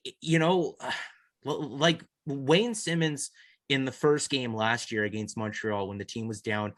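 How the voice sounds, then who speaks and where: A man's voice: mid-range voice, unhurried, fairly bright tone, dry recording, clean studio sound. A man co-hosting a casual sports podcast, talking earnestly and restarting his sentences often. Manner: rambling, repeats and restarts, earnest. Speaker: podcast co-host.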